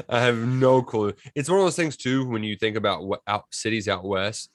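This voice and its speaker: A man co-hosting a casual college football podcast, talking in animated, excitable bursts. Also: fairly low pitch, moderate pace, no echo, clean studio sound. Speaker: podcast co-host. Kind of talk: casual sports chat.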